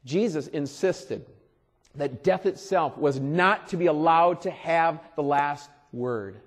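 A pastor preaching a sermon in a conversational way, repeating phrases and swelling loud for emphasis. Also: male voice, a little high, takes it slowly. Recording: long reverb of a large hall.

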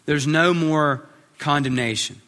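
A man's voice: a little high, a little slow, sharp tone, big-room sound. A man preaching a sermon as pastor, earnest, often repeating words as he starts a phrase.

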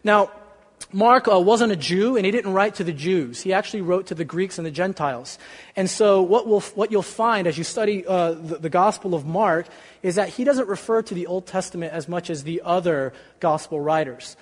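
A man preaching a sermon in a lively, conversational way, with joking asides. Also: high voice, moderate pace, in a large hall. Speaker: pastor.

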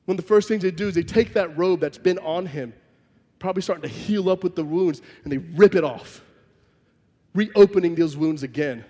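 Man, high voice, sermon, vivid emphatic storytelling, long hall reverb. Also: moderate pace, dark tone. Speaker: preacher.

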